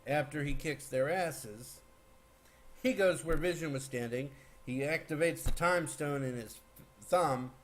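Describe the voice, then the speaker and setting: A man giving a casual, rambling movie spoiler recap, excitable, with lots of fillers and restarts. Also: on the high side, unhurried, slight background noise. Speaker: movie reviewer.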